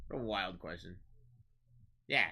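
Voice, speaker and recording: A man hosting a live-streamed trading card break, rattling off pulled cards, shouting out big hits and bantering with chat. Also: low-pitched, expressive, vocal fry. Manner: rapid-fire calling of card names, shouting big hits; chatty, teasing banter with chat.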